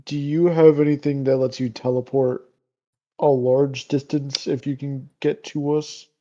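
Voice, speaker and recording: A man's voice: medium pitch, flat delivery, unhurried, warm tone, highs cut off. A man running a tabletop game as game master, laid-back and laughing often, with many "uh" fillers.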